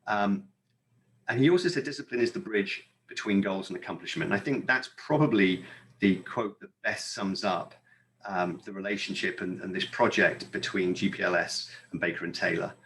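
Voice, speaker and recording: British man, low-pitched, chatty, filler-heavy, conference presenter. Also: normal speed, a bit bright. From United Kingdom. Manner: upbeat, chatty, with frequent fillers. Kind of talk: webinar presentation.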